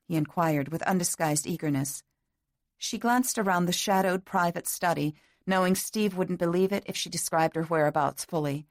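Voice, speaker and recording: A woman narrating a romance audiobook in a measured, even storytelling manner on a close mic. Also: lowish voice, no echo. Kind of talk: scripted narration.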